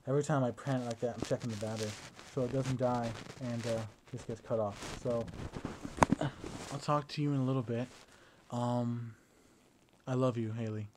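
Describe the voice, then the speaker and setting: A man's voice: medium pitch, fairly even intonation, moderate pace, noisy background. A young man talking into his phone in a casual, rambling video diary addressed to his partner. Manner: rambling, chatty storytelling. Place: at home indoors.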